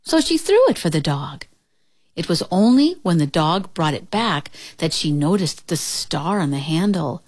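A woman reads a children's storybook aloud, expressive and lively. Her voice sits a little low but leaps around with lots of movement. The recording is close and dry. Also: a little slow, no room sound.

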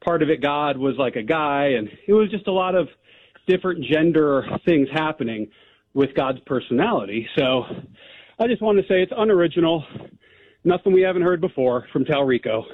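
A man phones in to a radio talk show, his voice pitched a little high and squeezed through a narrow, tinny phone line. He talks casually, scattering "like" and "um" through his sentences. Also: lively intonation, normal speed, dry recording. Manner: casual, filler-heavy with "like" and "um". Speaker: caller. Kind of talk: call-in conversation.

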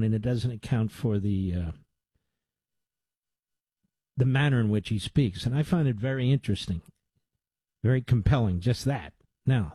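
A man's voice: fairly low pitch, warm tone, slightly rough, dry recording, rough recording. A man hosting a radio talk show, delivering emphatic commentary that builds with repeated lists. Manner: emphatic, repetitive lists, rising to urgent. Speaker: radio host.

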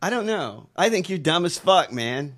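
A man's voice: fairly high pitch, big pitch swings, moderate pace, a bit bright. A man co-hosting a political talk show, ranting in disbelief, swearing heavily and laughing. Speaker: co-host. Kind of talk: profane political commentary.

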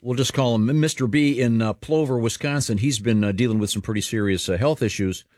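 A man's voice: mid-range voice, fairly quick, darkish tone, no room sound, studio quality. A man hosting a morning radio show, chatting in an easygoing, rambling way with fillers. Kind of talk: casual morning radio banter.

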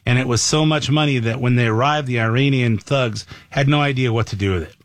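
A man's voice: medium pitch, a little fast, no echo. Opinionated male talk show host. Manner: opinionated, conversational. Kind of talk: radio talk commentary.

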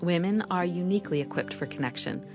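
A woman's voice: on the low side, fast. A woman hosting a ministry program, reading a scripted outro and donation appeal in a friendly announcer manner. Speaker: radio program host. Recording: music bed under the voice.

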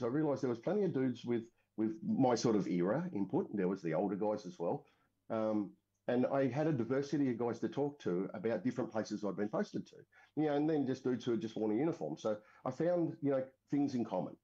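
The recording is dull and lo-fi, carrying a mid-range, dark-toned male voice. He's a middle-aged military veteran from Western Australia, telling his story casually with lots of fillers and restarts.

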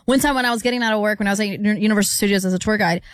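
A woman in casual chat, telling a story in a brisk, chatty way. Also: mid-range voice, dry recording, studio quality.

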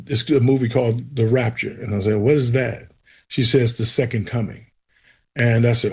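A man's voice: medium pitch, normal speed, husky. A man, telling his faith testimony as an interview guest and acting out the voices in it. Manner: animated storyteller, acts out quoted voices. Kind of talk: storytelling testimony.

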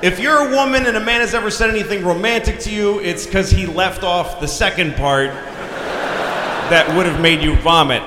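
A man doing crude stand-up comedy, telling a story and shouting his punchlines. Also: high voice, moderate pace, echoey room, background noise.

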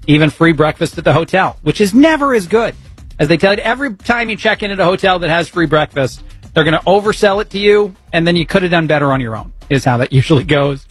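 With soft music playing in the background, a guest radio talk host speaks quickly in a husky, slightly high voice with lively intonation. On a studio broadcast mic, he chats aimlessly, teases himself, and laughs at his own jokes.

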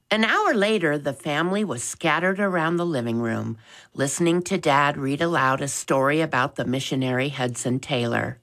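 A woman narrating a children's storybook with a clear, expressive reading. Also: low-pitched, moderate pace. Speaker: audiobook narrator.

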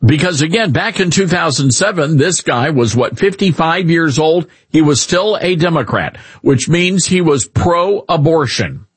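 A man hosting a talk radio show, giving animated, mocking opinions and chatting with a co-host. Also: fairly high pitch, measured pace, hardly any pauses, husky, dry recording.

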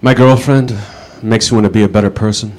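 A man with a fairly low voice tells stand-up one-liners in a dry, deadpan way. Faint noise sits behind him. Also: a little fast. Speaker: stand-up comedian.

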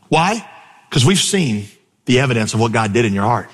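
A man's voice: mid-range voice, moderate pace, husky. Man preaching a sermon in a reverberant hall. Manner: conversational preaching, animated storytelling. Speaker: pastor. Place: church stage before a congregation.

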